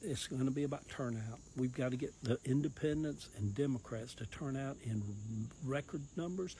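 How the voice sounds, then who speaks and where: A man's voice: mid-range voice, normal speed, few pauses, warm tone, slight background noise, low-quality recording. A man with a Southern US accent, a political campaigner talking earnestly in a rambling, folksy monologue. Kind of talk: casual monologue.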